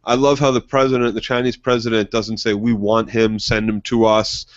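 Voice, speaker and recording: A man's voice: fairly low pitch, level tone, normal speed. A man co-hosting a casual TV recap, chiming in with sarcastic jokes and asides. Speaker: co-host. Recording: dull lo-fi recording.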